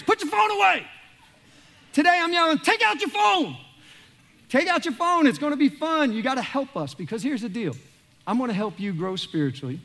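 Animated pastor preaching. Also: male voice, high voice. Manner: animated, joking, acts out quoted voices. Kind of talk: sermon. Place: large church auditorium.

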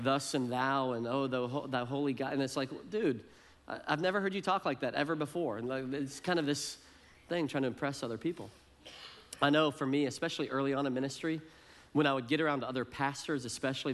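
A middle-aged male pastor preaching a sermon in a conversational, self-deprecating way, often repeating words as he starts a phrase. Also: mid-range voice.

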